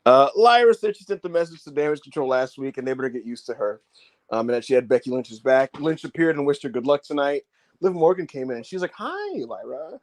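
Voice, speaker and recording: A man co-hosting a casual wrestling review show, animated and profane, laughing often and acting out what people said. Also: mid-range voice, fast, no room sound. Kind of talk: casual show recap chat.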